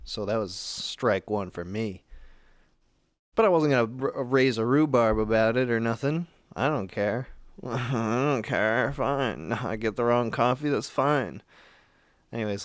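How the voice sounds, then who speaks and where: A man's voice: mid-range voice, no echo, clean studio sound. A man calling in to a talk show, telling a story in a rambling, casual way with many restarts. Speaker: caller.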